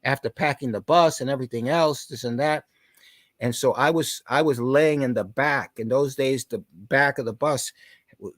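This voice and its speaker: A man in his sixties, a podcast guest, telling stories in conversation and shouting out the lines of the people in them. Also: medium pitch, dry recording. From New York. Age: 60s. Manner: animated, shouts out quoted lines. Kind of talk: storytelling in conversation.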